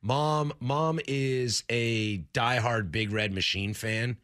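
A man in his thirties hosting a casual sports talk show, telling animated stories and slipping into quick impressions. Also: mid-range voice. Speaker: sports radio host.

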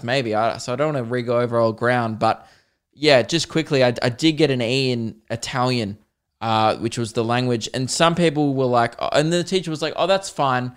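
A man's voice: medium pitch, clear, resonant tone. An Australian man hosting his own podcast, talking casually on his own in rambling, self-deprecating tangents. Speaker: podcast host. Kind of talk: casual solo podcast monologue.

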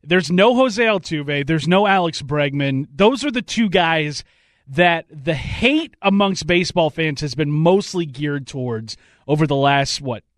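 A man co-hosting a sports talk radio show with a slightly raised pitch. He banters in a wry, easygoing way. The mic is close and dry. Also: lively intonation, a little slow, no echo. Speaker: fill-in sports radio co-host. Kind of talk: casual sports radio chat. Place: radio studio.

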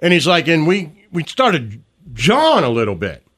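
A man's voice: on the high side, normal speed. A man hosting a radio talk show, telling stories in casual banter and acting out the people he quotes. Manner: animated storyteller, acts out quoted voices.

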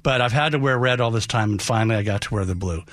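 A man's voice: lowish voice, fast, a bit bright, no room sound. Older man, heartfelt radio guest. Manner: earnest, heartfelt storyteller. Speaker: radio studio guest, Santa performer. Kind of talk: casual on-air interview. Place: radio studio.

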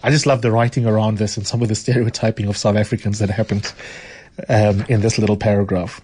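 A man hosting a radio book show. He chats with callers and reads passages aloud in a relaxed way, often restarting his sentences. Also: lowish voice, fast talker, slight background noise. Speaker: radio host. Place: radio studio.

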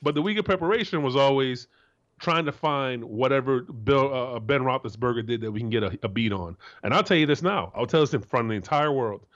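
A man in his forties from Florida, co-hosting a sports talk show as a former player, blunt and profane, jumping into a high voice to act out quotes. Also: animated, fairly quick, lo-fi sound. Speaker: co-host, former NFL player.

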